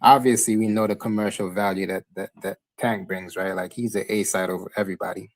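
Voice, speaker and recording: A man on a casual panel, speaking in a measured way as he raises a question for everyone. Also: deep voice, steady tone, rough recording.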